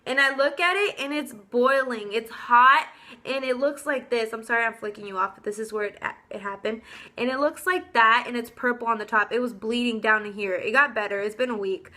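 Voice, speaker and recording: Young woman vlogger, high and bright, indignant casual storyteller. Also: fairly quick. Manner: animated, indignant, casual slang. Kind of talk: storytime vlog.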